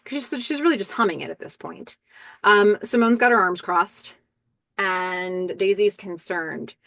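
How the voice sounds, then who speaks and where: A woman's voice: medium pitch, a little slow, a bit bright, dry recording. A woman hosting a podcast, recapping a TV episode in casual talk and quoting the characters in her own voice. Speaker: podcast host.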